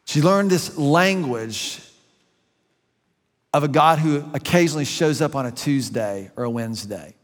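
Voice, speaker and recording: Middle-aged guy preaching a sermon, earnest and chatty, voice a bit on the high side, big church reverb. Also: animated, unhurried. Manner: conversational, earnest, varies pace for emphasis. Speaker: pastor. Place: church sanctuary.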